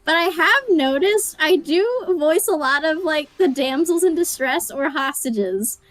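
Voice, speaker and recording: Bubbly high-voiced woman. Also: animated, fairly bright tone, dry recording, poor audio. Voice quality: high-pitched voice. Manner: bubbly, laughing, quick. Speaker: developer who voices game characters. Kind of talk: casual group video call chat.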